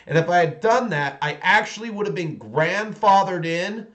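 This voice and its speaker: A man's voice: sits high, expressive, normal speed, fairly bright tone. A man in his forties chatting casually on a livestream while painting miniatures, rambling along with many restarts.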